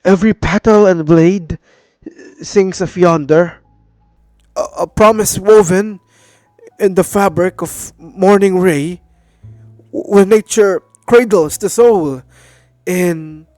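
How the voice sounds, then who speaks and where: A man's voice: high-pitched, a little mellow, no room sound, faint music behind, voice pushed up. A man voicing a nervous male poet reciting, stumbling and restarting his lines. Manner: halting, stumbling over words. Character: nervous young male poet at an open mic.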